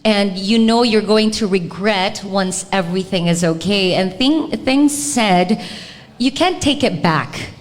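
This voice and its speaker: A woman's voice: mid-range voice, a little slow, long reverb tail. A Filipino woman co-hosting a live podcast, speaking reflectively and dropping Tagalog words into her English. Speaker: podcast co-host.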